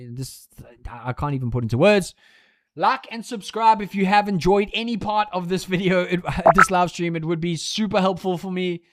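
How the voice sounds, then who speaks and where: A man commentating a live race for his stream in a high voice. His pitch leaps all over as he rants, swears and gets worked up. The sound is dry and close, with no room echo. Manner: ranting, profane, excitable.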